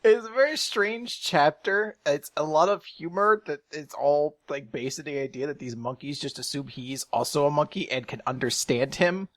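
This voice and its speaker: A man's voice: fairly high pitch, normal speed, few pauses, fairly bright tone, no room sound, studio quality. Casual, swearing male podcast co-host. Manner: loose, swearing, restarts his sentences. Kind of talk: casual chat.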